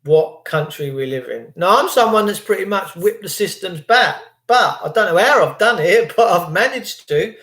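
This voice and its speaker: A man's voice: high voice, expressive, normal speed, few pauses, a bit bright, echoey room. A British man hosting a livestream, ranting in a sarcastic, indignant and rambling way. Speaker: livestream host.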